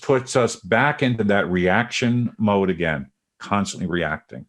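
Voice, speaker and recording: Low-voiced man hosting a podcast. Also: animated, unhurried, a bit bright. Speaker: podcast host. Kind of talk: casual podcast conversation.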